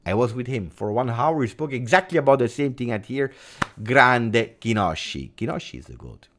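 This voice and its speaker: A man hosting a football vlog, talking in an emphatic, theatrical way that jumps between loud and hushed. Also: medium pitch, big pitch swings, fast talker, a little hiss or hum. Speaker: football channel host. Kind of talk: animated football commentary vlog.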